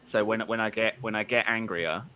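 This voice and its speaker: A man's voice: fairly low pitch, fairly even intonation, brisk, a loud crowd. A man with a southern English accent, co-hosting a casual online chat and often restarting his sentences. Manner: chatty, trips over his words when starting sentences. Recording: clicks and background noise.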